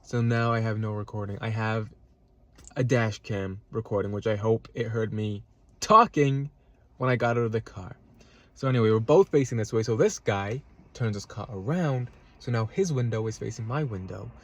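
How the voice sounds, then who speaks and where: A man's voice: on the low side, moderate pace, dull audio. A man telling a road-rage story in a casual, agitated rant from his parked car, swearing and repeating himself. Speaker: vlogger. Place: parked car in a parking lot.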